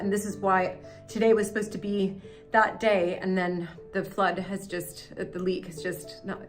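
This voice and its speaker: An American woman hosting a vlog, talking in an emotional, rambling way while filming in a manor house cellar. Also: fairly high pitch. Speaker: vlog host. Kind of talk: casual vlog talk. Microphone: handheld camera she is filming with.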